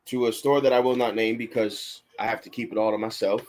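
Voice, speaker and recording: A man's voice: fairly low pitch, steady tone, fast, a little mellow, slight background noise. A man co-hosting a podcast in casual chat, matter-of-fact, often correcting his partner. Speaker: podcast co-host.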